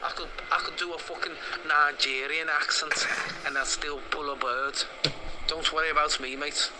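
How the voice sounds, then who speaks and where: Man impersonating a brash young fighter, high swagger, off-mic with noise behind. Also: little pitch movement, moderate pace, close to an everyday voice. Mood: boastful. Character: cocky young male fighter boasting.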